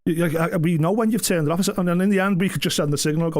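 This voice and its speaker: A man's voice: racing, no room sound, studio quality. A man chatting casually and acting out quotes as he tells work stories. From England. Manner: animated storyteller who acts out quotes in higher voices. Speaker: streamer chatting with a friend. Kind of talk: casual chat.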